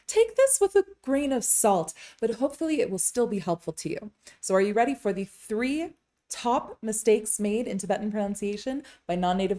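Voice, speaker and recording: Lady teaching tibetan sounds, mellow voice, casual and a bit wry. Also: medium pitch. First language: English. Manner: chatty, wry asides, slows down to demonstrate crisp vowels. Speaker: Tibetan language teacher and interpreter. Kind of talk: casual language lesson to camera.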